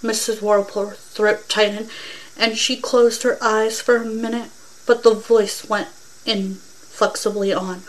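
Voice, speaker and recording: A woman podcaster reading a short story aloud in a plain, steady way with small slips. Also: medium pitch, takes it slowly, poor audio.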